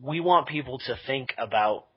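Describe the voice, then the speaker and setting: A man's voice: mid-range voice, animated, normal speed, slightly rough, highs cut off. A man talking casually in a podcast interview, rambling with fillers and restarts and laughing at himself. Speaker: podcast creator being interviewed.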